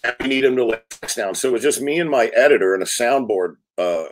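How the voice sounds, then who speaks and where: A man in his sixties, a film director, telling lively anecdotes in an interview and acting out quotes. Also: mid-range voice, fast talker. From United States. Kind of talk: storytelling interview talk.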